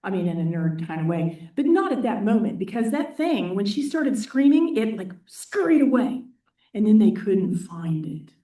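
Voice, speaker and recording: A woman's voice: mid-range voice, normal speed. A woman from Indiana telling a story at an awards talk, acting out voices and dropping into whispers. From East Central Indiana. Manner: animated, acts out quoted voices and whispers. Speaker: award winner giving a talk. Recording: echoey hall, distant mic.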